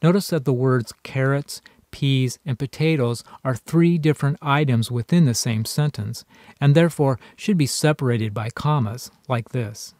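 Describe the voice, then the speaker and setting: A man, a college writing instructor, giving a recorded online lecture and reading example sentences slowly and deliberately. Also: mid-range voice, a little mellow, no room sound, clean studio sound.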